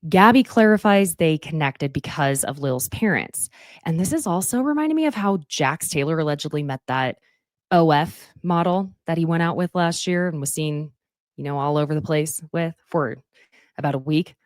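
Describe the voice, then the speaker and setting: A woman's voice: sits low, animated, normal speed, no room sound, clean studio sound. A young woman hosting a podcast, recapping a reality show in a chatty, opinionated way and quoting cast members. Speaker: podcast host. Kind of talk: casual recap commentary.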